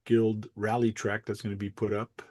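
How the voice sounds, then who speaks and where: A man with a fairly low voice hosts a relaxed hobby chat show. He rambles comfortably and corrects himself mid-sentence. The sound is dry and close. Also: moderate pace, dry recording. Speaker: host. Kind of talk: casual livestream chat.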